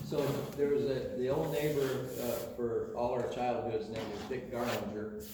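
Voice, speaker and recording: A man's voice: mid-range voice, steady tone, normal speed. Man, joke-telling storyteller, far off mic, noisy echo. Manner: joking, builds to a punchline. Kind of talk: casual storytelling chat.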